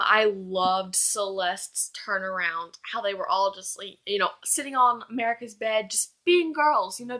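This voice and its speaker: Young woman, bright voice, casual book review vlog, chatty and gushing. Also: on the high side. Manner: chatty, gushing, acts out characters' lines.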